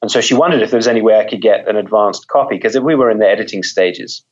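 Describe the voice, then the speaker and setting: A man's voice: fairly low pitch, fast, lo-fi sound. A man, a mystery author, talking in a conversational interview, thoughtful, often repeating words as he thinks.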